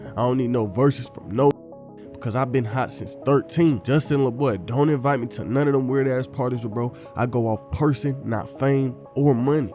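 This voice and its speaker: A man's voice: medium pitch, a little mellow. Slangy male commentary narrator. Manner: laid-back slangy storytelling. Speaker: commentary channel host.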